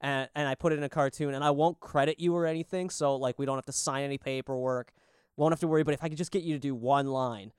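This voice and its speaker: A man's voice: mid-range voice, steady tone, fast, smooth, dry recording, clean studio sound. A man co-hosting a podcast in casual chat, rambling and swearing often as he tells stories. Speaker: podcast co-host. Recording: lo-fi podcast audio.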